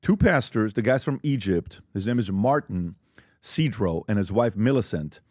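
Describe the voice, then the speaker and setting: A man's voice: lowish voice, lively intonation, normal speed, a little mellow, dry recording, clean studio sound. A man hosting a podcast, talking casually and with enthusiasm as he plugs merchandise. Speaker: podcast host.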